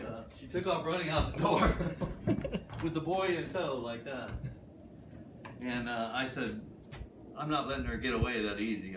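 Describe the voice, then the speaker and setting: An older man guiding a tour through an old wooden building, telling stories in a chatty way and acting out the voices of the people in them. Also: medium pitch. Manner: chatty, acts out quoted voices. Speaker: ghost town guide. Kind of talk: storytelling tour talk. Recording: roomy, distant, noisy camera audio.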